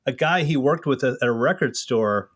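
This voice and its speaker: A man and comedy filmmaker telling stories in a loose, animated podcast chat, swearing freely. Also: mid-range voice, normal speed. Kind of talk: casual podcast conversation.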